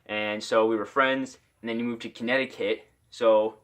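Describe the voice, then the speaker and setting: A man's voice: medium pitch, fairly even intonation, normal speed, fairly bright tone, smooth. A young man from Iowa telling a casual story-time tale, rambling with lots of "like" fillers.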